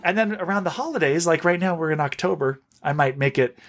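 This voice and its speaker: A man, a music specialist for young children, explaining classroom songs in a lively, teacherly way as a podcast guest. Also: a little high, fast. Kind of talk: podcast interview.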